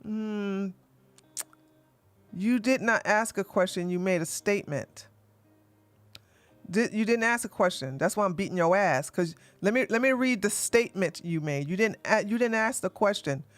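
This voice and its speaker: A livestream host whose voice sits high and a bit bright talks at a moderate pace over soft background music, with no echo. His commentary is a combative, profanity-laden rant full of repeated lines, mockery of opponents, and scornful laughs.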